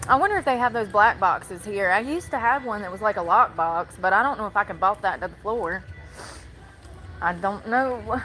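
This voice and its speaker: A woman's voice: medium pitch, animated, moderate pace, pushed and bright, slight background noise, low-quality recording. A woman live streaming on her phone while shopping in a large store, rambling to her chat and complaining about others.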